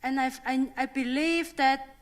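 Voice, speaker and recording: A middle-aged woman whose first language is Thai speaks slowly in a somewhat high voice. She gives an unscripted speech to a youth conference and often stops to search for words, with many fillers and restarts. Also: fairly even intonation.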